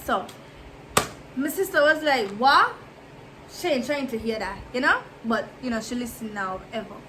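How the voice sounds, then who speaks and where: A woman's voice: fairly high pitch, normal speed, noisy background. A woman vlogger in casual storytime mode, chatty and emphatic, repeating herself and making asides to her viewers.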